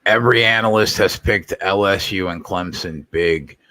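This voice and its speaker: Low bright-voiced man talking betting. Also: normal speed, dry recording, studio quality. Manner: blunt, swears casually. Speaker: show host. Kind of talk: casual sports betting chat.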